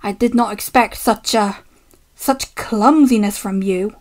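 A woman's voice: mid-range voice, measured pace, a little mellow, close to an everyday voice. A woman voicing a pompous, stern older railway boss who speaks in a formal, indignant way.

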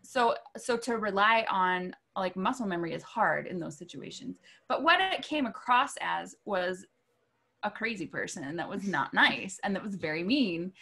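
A woman's voice: medium pitch, lively intonation, normal speed, pushed and bright. A woman who works as a music arranger, telling a story in an interview in a chatty way and laughing often. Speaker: music arranger and vocal clinician. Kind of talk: casual interview talk.

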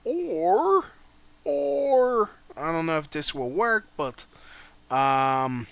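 A man's voice: medium pitch, lively intonation, takes it slowly, pushed and bright, clear, resonant tone, no room sound. A man hosting a call-in show, ranting bluntly in casual, profane talk. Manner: heated, blunt, swears a lot.

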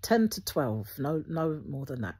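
Woman host, low-pitched and breathy, speaks earnestly and gently to her viewers. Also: big pitch swings, measured pace. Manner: earnest and gently instructive, with frequent restarts. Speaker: Christian video host. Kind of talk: spoken encouragement to viewers.

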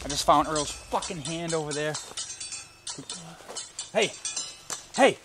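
An actor playing a frantic, foul-mouthed male crew member who swears and yells while lost in the woods. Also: fairly high pitch, slow, music in the background. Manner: swearing, frantic, shouting names.

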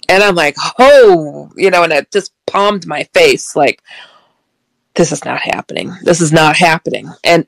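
A woman guest telling a personal story, animated and stuttering, and often laughing. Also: low-pitched, vocal fry, no echo, poor audio. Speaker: interview guest.

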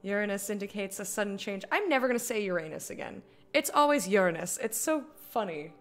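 A woman's voice: mid-range voice, animated, fairly quick. A young adult woman streaming a game, chatting, joking and reading the game text aloud. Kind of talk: casual live-stream commentary.

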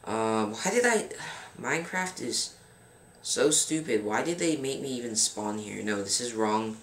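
Young man, casual gameplay commentary, halting grumbling delivery, echoey room. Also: medium pitch, expressive, a bit bright. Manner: frustrated, rambling, fills pauses with um. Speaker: gaming channel host. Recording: roomy with faint background noise.

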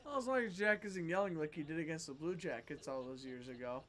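A man's voice: fairly high pitch, fast, fairly bright tone. A young man adding joking, teasing color commentary beside the main caller on a live hockey stream.

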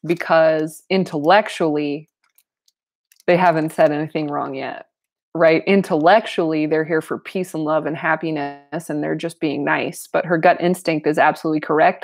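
A young woman reading a novel aloud and breaking off into animated, casual commentary with frequent laughs. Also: low-pitched. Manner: animated, laughs often, chatty asides. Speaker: reader and commentator.

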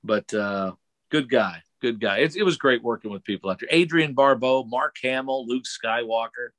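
A man's voice: medium pitch, normal speed, dry recording. A middle-aged man from Missouri, a voice actor telling stories in a casual interview and acting out other people's voices as he goes. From Missouri, USA. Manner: animated storyteller, acts out other people's voices.

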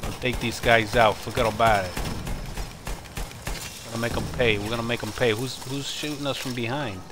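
A man streaming a war shooter, wisecracking and reacting excitedly while he plays. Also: medium pitch, a little fast, background noise. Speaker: game streamer. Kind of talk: live gameplay commentary. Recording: game audio loud behind voice. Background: loud gunfire and game sounds.

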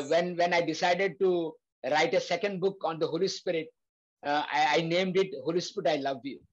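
Earnest preacher, lo-fi sound. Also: male voice, fairly high pitch. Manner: earnest, repeats key phrases, frequent fillers. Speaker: Bible study leader. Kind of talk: preaching to a prayer group.

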